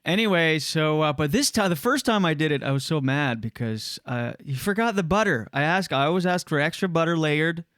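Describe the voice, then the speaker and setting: A man's voice: a little high, lively intonation, fairly quick, few pauses, a bit bright, clear, resonant tone, dry recording, clean studio sound. A man hosting a podcast, telling a rambling, jokey story in casual chat and acting out other people's voices. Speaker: podcast host.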